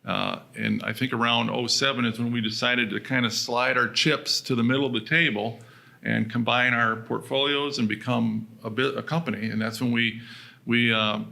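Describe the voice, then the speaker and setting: A man who co-founded a mobile home business, recalling how it started. His voice is bright with a gravelly edge. He talks matter-of-factly, with a few uhs along the way. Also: mid-range voice, fairly even intonation, normal speed. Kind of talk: casual conversation.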